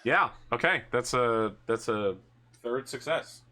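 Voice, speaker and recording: Bright-voiced man running a tabletop game. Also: mid-range voice, expressive, slow. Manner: laid-back, jokey, with many fillers. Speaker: game master.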